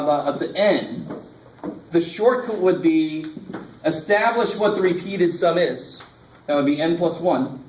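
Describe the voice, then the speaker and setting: In a lecture classroom, a math instructor with a fairly high voice gives a casual, joking class, speaking straight to his students. The low-quality recording sounds echoey, with slight background noise.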